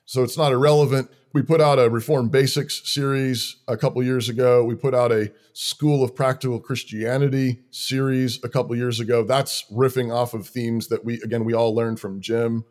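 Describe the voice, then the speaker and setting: Earnest church leader listing plain commands. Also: male voice, medium pitch, flat delivery, moderate pace, few pauses, a little mellow. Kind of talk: conversational interview talk.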